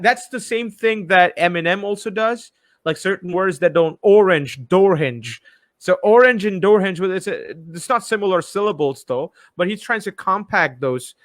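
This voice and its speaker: Brief: young Bengali-speaking male host, casual chat, profane, lively, high voice, dry close sound. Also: dry recording. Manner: animated, profane, mixes in imitated voices.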